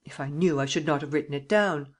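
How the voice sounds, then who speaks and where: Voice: mid-range voice, a little fast, lightly acted. An audiobook reader voicing a wealthy captive man who answers in terse, evasive replies. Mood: guarded. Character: wealthy man held captive, guarded and curt. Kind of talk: audiobook character reading.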